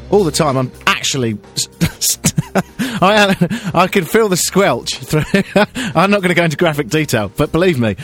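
A radio host with a fairly high, very lively voice, telling stories with playful, self-mocking humour. He keeps leaping into squeaky impressions as he chats, with faint music playing behind him. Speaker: radio presenter. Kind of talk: chatty radio banter and storytelling.

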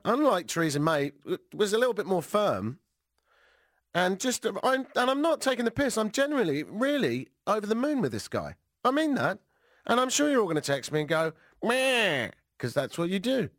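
A British man hosting a talk radio show, sarcastic and animated, jet-lagged. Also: mid-range voice, no room sound, studio quality. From Britain. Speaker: radio host.

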